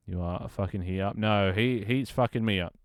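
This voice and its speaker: A man's voice: on the low side, a little fast, no room sound, clean studio sound. A man streaming from a small room at home, chatting casually, grumbling, swearing and laughing often. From United Kingdom. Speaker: live streamer. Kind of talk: casual live-stream chat.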